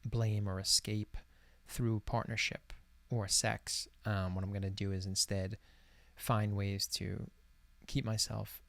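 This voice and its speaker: Man, late 40s, self-help host, gravelly, earnest reflective delivery, dry close sound. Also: lowish voice, level tone, slow, a bit bright, no echo. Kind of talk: guided reflection. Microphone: camera recording alone.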